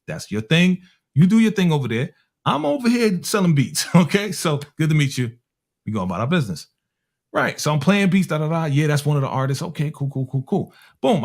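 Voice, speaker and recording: A man from Harlem, a music producer telling a story in a casual, animated way and acting out the people in it. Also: mid-range voice. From Harlem, New York. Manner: animated, acts out other people's voices with slang.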